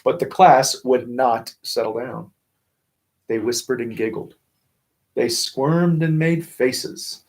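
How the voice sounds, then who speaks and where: A man's voice: mid-range voice, slow pace, darkish tone, poor audio. Chatty man reading a picture book aloud. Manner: chatty, with frequent asides and comments on the pictures. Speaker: school staff reading to students. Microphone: phone or camera for a livestream.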